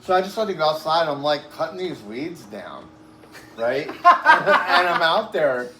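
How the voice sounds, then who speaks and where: A man's voice: a little high, huge pitch swings, a little slow, sharp tone. A man being interviewed, telling a long story in a rambling, profane way, full of "like" and "right?", and a bit short of breath. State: breathless, uses oxygen. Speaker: interview guest. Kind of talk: casual storytelling. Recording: echoey room with faint background noise.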